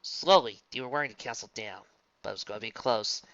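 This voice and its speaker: A man narrates a fan story with a bright, forceful voice. The sound is dry and close, with a dull, lo-fi tone. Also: fairly low pitch, a little fast, dry recording. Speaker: fanfic reader. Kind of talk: dramatic story reading.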